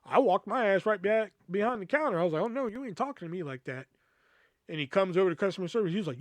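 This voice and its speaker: A man's voice: high voice, animated, quick pace, dry recording. A young man hosting a podcast, telling a work story in a casual, profane way and acting out the quoted dialogue. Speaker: podcast host.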